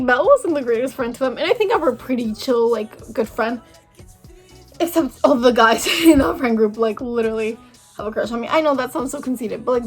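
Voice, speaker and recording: A young woman vlogging a casual storytime, chatty and full of filler words, acting out each conversation. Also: sits high. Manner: chatty, valley-girl fillers, acts out dialogue.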